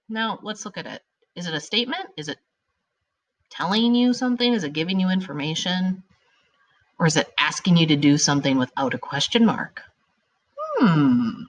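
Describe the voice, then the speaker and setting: Upbeat woman teacher, slightly low voice. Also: moderate pace. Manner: upbeat, animated, stretching example sentences for effect. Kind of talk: grammar lesson for children.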